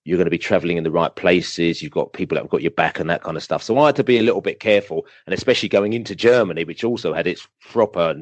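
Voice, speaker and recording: A man, a podcast guest telling animated, rambling football fan stories full of fillers. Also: low-pitched, racing, few pauses, no room sound. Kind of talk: casual storytelling interview.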